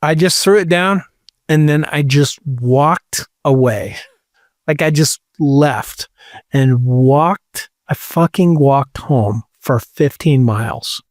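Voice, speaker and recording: A man with a fairly high voice spins a candid story at an unhurried, drawn-out pace. He swears freely, leans on "like" and breaks into laughs as he goes. The sound is dry and close, with almost no room. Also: dry recording. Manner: candid, profane, full of "like" fillers, laughs mid-sentence. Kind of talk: casual storytelling chat.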